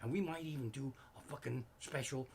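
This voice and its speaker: A man, a comedian hosting a livestream from his living room, telling a rambling, profane monologue with sudden loud outbursts. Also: mid-range voice, brisk, vocal fry, breathy edge. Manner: swears constantly, rants with sudden loud outbursts. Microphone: home streaming setup.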